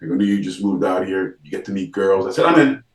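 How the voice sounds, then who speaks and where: Low-voiced man telling a story, echoey room. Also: fast, recorded from a distance. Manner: animated storyteller, acts out quoted dialogue, frequent restarts. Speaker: actor, interview guest. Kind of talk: storytelling in casual interview.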